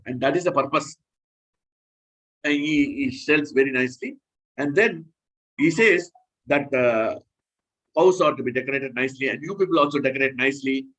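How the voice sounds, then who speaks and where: A man's voice: a little high, a bit bright, lo-fi sound. A man preaching a scripture class in an earnest, repetitive, instructive way.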